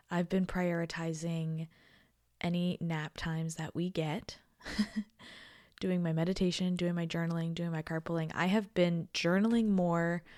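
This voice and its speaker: A woman in her thirties hosting her own podcast, talking in a reflective, confiding way. She is tired and emotional, slips into soft near-whispers and laughs often. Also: fairly low pitch, dry recording, studio quality. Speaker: podcast host. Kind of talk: casual solo podcast talk.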